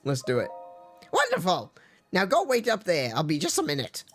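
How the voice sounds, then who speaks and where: A man's voice: high voice, wildly swooping pitch, normal speed, fairly bright tone, no room sound, full character voice. A man voicing a cheerful male dye shop keeper in a video game, greeting customers with salesy patter over faint game music. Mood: chirpy.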